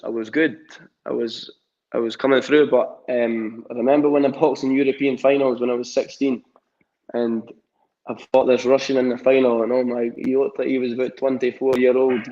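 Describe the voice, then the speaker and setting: A man's voice: mid-range voice, mellow, highs cut off. A young man with a Scottish accent, talking as a boxer guest in a casual interview, full of fillers and restarts. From Scotland. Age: young adult. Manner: rambling, many fillers and restarts.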